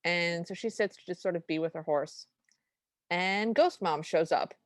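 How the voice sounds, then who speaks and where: Speaking at a moderate pace in a lowish voice, a female podcast co-host casually recaps a movie's plot and recites lines from it in a chatty way. There's no echo on the recording.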